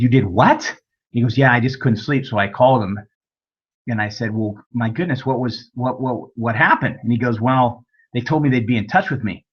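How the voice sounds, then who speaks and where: Male webinar instructor, husky voice, folksy storyteller, muffled lo-fi audio. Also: mid-range voice. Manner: folksy storytelling, acts out dialogue. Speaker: real estate investing instructor. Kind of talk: webinar lecture with anecdotes.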